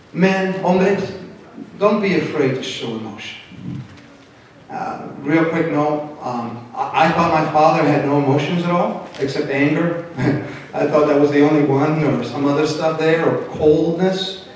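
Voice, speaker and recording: High-voiced pastor in an echoey church. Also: male voice, a little hiss or hum. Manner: animated, switches into Spanish, acts out quotes. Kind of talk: sermon. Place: church sanctuary. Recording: very echoey hall, distant mic.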